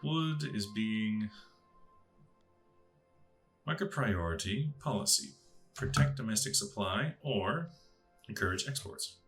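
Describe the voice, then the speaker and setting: Guy muttering through a strategy game, kinda low but bright voice, confused asides to himself. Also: animated, slow pace, long pauses, soft background music. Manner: musing aloud to himself, puzzled asides. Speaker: gaming channel host. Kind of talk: casual strategy game commentary.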